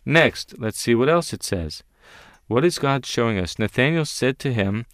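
A man's voice: mid-range voice, very animated, normal speed, a bit bright, no echo, studio quality. A man leading an interactive Bible teaching, emphatic and questioning his listeners as he stresses key words.

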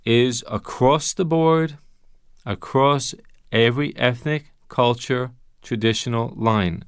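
A man teaching the Bible on a radio show, stressing key words slowly and explaining points step by step. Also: mid-range voice, smooth, no room sound, studio quality.

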